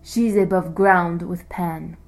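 A woman's voice: fairly low pitch, steady tone, slow, faint music behind. A woman voicing a wary, defensive male servant speaking to his king in a storybook reading.

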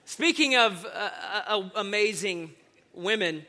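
Male preacher, very high pitch, very bright, jokey, calls for amens. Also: lively intonation, moderate pace, some chatter behind, a little hiss or hum. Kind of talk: sermon.

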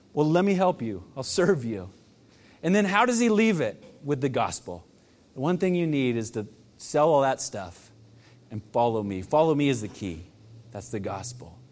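A male pastor delivers a sermon with a high-pitched voice. His speech is very animated, swinging widely up and down. He falls quiet to land the important points. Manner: animated preaching, dropping to quiet emphasis.

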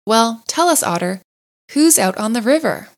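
A cheerful male water rat from a storybook, hearty and brisk as he chats with friends, acted by a woman reading aloud. His voice is a touch brighter than a plain reading voice. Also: a little high, animated. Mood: chatty.

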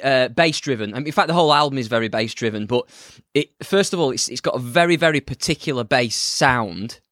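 A man's voice: mid-range voice, fairly bright tone, no echo, studio quality. Wry, hesitant male podcast co-host. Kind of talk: casual chat about music.

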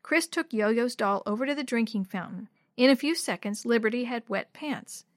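A woman narrating a children's storybook in a clear, expressive reading voice. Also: a little high, normal speed, dry recording, clean studio sound.

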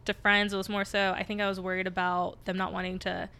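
Bright-voiced young woman telling stories. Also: medium pitch, level tone, quick pace, clean tone. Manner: open, storytelling, light self-deprecating laughs. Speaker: podcast guest. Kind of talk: casual podcast interview.

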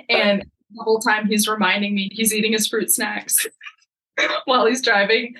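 A young woman, a podcast guest, telling a story in a lively, casual way and acting out the lines of the people in it. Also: medium pitch, measured pace, poor audio. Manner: lively, acts out quoted dialogue.

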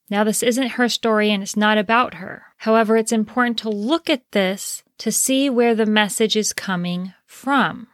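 A woman confidence coach giving an earnest motivational talk, slowing down to stress key phrases. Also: medium pitch, no echo, clean studio sound.

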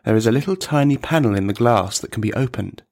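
A man narrating a dark comic story in a measured, deliberate, deadpan manner. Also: mid-range voice.

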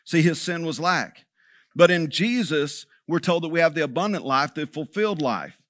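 Preacher guy, kinda high voice, dry sound, chatty sermon style with lots of "right?". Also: expressive, normal speed, a bit bright, dry recording. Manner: conversational preaching, checks in with "right?". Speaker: pastor.

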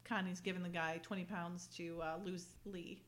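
A woman casually recapping a TV episode with a friend, chatty and quick to laugh, often acting out the characters' lines. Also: fairly low pitch, flat delivery. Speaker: podcast co-host recapping a TV episode. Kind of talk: casual chat.

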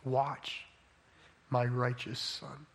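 A man preaching a sermon who voices God as a stern, challenging creator, dropping his voice lower and quieter. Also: flat delivery, very slow, gravelly.

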